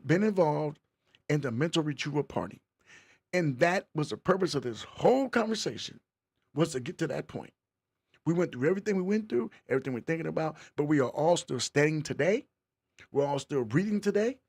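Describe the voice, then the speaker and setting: A man's voice: on the high side, a little mellow. A man hosting a casual livestream podcast, playfully teasing and reading chat comments aloud. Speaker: podcast host.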